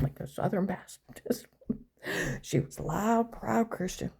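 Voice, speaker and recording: A woman's voice: medium pitch, animated, a little slow, creaky, warm tone, husky, low-quality recording. An older woman rambling through an aggrieved story in a casual monologue.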